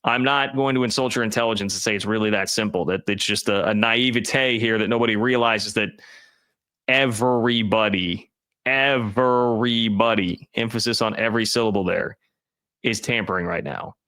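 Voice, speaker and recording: A man's voice: on the low side, fairly even intonation, fairly quick, pushed and bright. A man giving emphatic, opinionated college football commentary, talking directly to his chat viewers.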